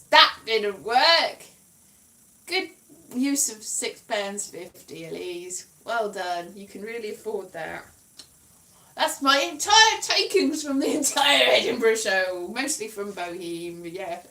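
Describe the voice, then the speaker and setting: A woman from Wales rambles through a casual livestream chat, giggling and teasing herself. Her fairly high voice swoops up and down with lots of animation. She sits back from the mic in an echoey room. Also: pushed and bright, distant mic. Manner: rambling, self-mocking, giggly. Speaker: comedian.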